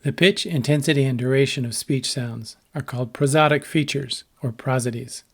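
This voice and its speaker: Male lecturer, mid-pitched, scripted lesson narration, calm and measured, acts out short examples with changing intonation. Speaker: lecturer on translation.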